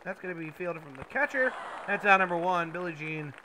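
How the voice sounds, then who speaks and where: A man giving mock play-by-play commentary over a baseball video game, with sudden loud bursts of excitement. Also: sits high, brisk, background noise.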